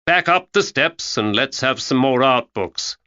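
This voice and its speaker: A man voicing a steady man who stays calm and gives firm orders. His tone is forceful and clear. He plays him in a storybook reading with a dull, lo-fi sound. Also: mid-range voice, unhurried, pitched above the performer's own voice.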